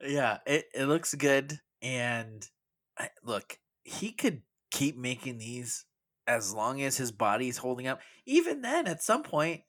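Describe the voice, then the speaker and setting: A man's voice: mid-range voice, very animated, slow, a bit bright, no echo. A man co-hosting a casual movie podcast, chatty and laughing often, with frequent hesitant restarts. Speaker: podcast co-host.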